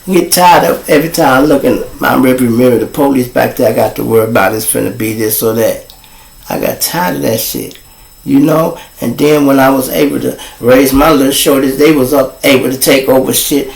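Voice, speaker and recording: A man, hosting his show and telling street stories in a casual, animated way. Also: mid-range voice, brisk, vocal fry, echoey room, low-quality recording. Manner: animated, rising to excited shouts when telling a chase story. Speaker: host.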